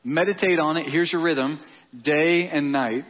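Husky high-voiced male pastor preaching. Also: unhurried. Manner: emphatic, conversational preaching with repeated key words. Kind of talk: sermon. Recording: dull lo-fi audio.

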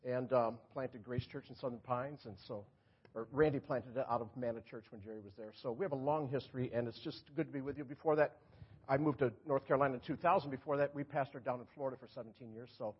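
A man's voice: mid-range voice, slightly rough, dull audio. A man preaching as a guest speaker in a church, chatty and joking as he talks to the congregation. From New York. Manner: chatty, joking preacher who laughs at his own jokes. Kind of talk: sermon. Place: church sanctuary.

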